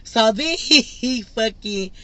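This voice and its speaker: Young female vlogger, lively storyteller, bright and forceful tone, casual chat. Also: a little high, slow, no echo. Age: young adult. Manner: animated, laughing storyteller. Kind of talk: storytime vlog.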